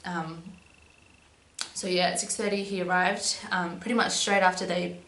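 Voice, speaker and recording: A woman's voice: lowish voice, little pitch movement, moderate pace, a bit bright. A young woman telling a personal story in a casual, chatty way, with lots of "um"s and "but yeah"s. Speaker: vlogger. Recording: echoey room with faint hum.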